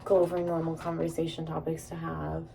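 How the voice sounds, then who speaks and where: A woman's voice: low-pitched, completely flat delivery, brisk, vocal fry, mellow, recorded from a distance, slight background noise. A young woman vlogging casually while doing her makeup, rambling, giggling and swearing freely. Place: indoors at home.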